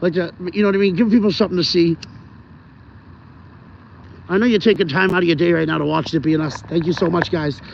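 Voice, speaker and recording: A man's voice: fairly high pitch, fairly even intonation, fast talker, creaky, pauses often. A man streaming live from his phone while walking his dog outdoors, rambling casually and talking straight to his viewers. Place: outdoors on a rainy city street. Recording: dull phone audio with street noise.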